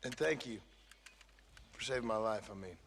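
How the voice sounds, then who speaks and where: An actor voicing a wounded outlaw in a video game cutscene, giving terse, laconic replies. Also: male voice, fairly low pitch, normal speed, a bit bright, slight background noise. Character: wounded outlaw man, terse and world-weary.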